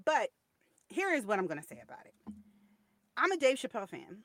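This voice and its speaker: A woman's voice: a little high, sing-song, fairly quick, a bit bright, no room sound. A woman co-hosting a podcast, chatting casually and sharing opinions in a storytelling way. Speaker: podcast co-host. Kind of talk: casual chat.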